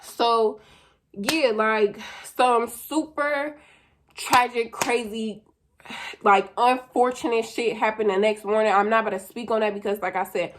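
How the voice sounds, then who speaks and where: Young woman, kinda high voice, cussing nonstop telling a crazy storytime. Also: a little slow. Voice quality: profane, animated storytelling with slang. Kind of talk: casual storytime vlog.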